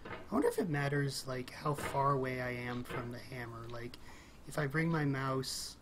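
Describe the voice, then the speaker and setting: A casual gamer talking through a frustrating climbing game, rambling and thinking out loud, often breaking into small laughs and sudden exclamations. The voice sits at an ordinary middle pitch. A clear, steady hiss runs under the recording from a home desk mic. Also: moderate pace. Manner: chatty, thinks aloud, rambles, frequent little laughs and exclamations. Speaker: let's play gamer.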